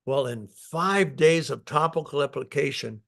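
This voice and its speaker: Older guy, founder talking live, gravelly and a bit high, lots of uh and um, keeps restarting. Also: a little slow, a bit bright. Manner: storytelling, emphatic, with frequent fillers and restarts. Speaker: company founder. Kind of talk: live product talk.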